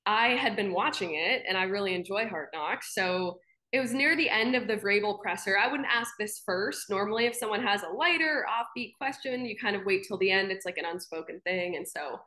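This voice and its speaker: As an interview guest, a young female sports anchor recounts anecdotes in a relaxed, chatty way, laughing frequently and using many fillers. She talks at a normal speed in a medium-pitched voice with a sharp tone.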